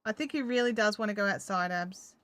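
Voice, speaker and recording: A woman's voice: medium pitch, a little fast, a bit bright, dry recording. An Australian woman chatting to herself and her dog while knitting in a casual crafting vlog. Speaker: crafting vlogger.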